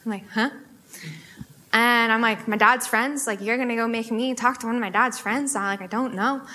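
Bright high-voiced American woman preaching. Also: normal speed. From United States. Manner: animated storytelling, lots of 'like' fillers. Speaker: guest speaker at a student fellowship. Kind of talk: testimony sermon.

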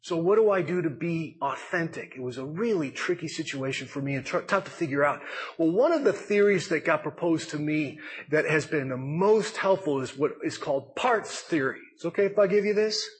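A middle-aged man, a pastor, giving a conversational, self-deprecating sermon with animated asides. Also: a little high, brisk, breathy edge. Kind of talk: casual sermon talk.

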